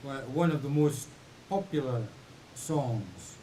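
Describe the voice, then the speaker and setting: A man's voice: mid-range voice, animated, slow, mellow. A man hosting a livestream from his home, chatting casually and thinking aloud between songs. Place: home in the mountains. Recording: roomy, distant mic, faint hiss.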